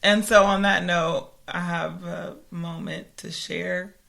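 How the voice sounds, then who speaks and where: A woman's voice: lowish voice, slow pace, gravelly. A woman in her thirties co-hosting a casual chat podcast, telling a story with lots of laughter. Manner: animated storyteller, laughs often. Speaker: podcast co-host.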